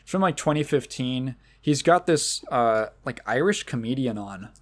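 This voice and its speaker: A man's voice: medium pitch, animated, moderate pace. A man hosting a podcast in casual chat, rambling and swearing, laughing often and acting out quoted exchanges. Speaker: podcast host.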